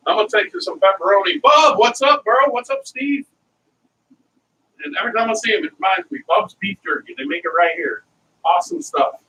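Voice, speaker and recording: Middle-aged male cooking host, chatty and rambling, fairly high, bright voice with a lively swinging pitch; faint background hum. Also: fairly quick. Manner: rambling, chatty, wandering off into stories. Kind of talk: casual cooking demonstration, talking to viewers. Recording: distant mic with faint ambient noise.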